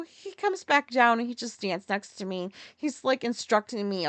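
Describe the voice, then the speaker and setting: A woman's voice: a little high, very animated, moderate pace, hardly any pauses, fairly bright tone, no echo. A woman hosting a podcast, telling a story in a candid, profane way and often laughing at herself. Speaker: podcast host. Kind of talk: casual solo storytelling.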